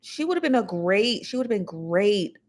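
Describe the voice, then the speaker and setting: A woman's voice: mid-range voice, very animated, moderate pace. A woman hosting a casual livestream, rambling and chatty as she talks straight to her viewers. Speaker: show host.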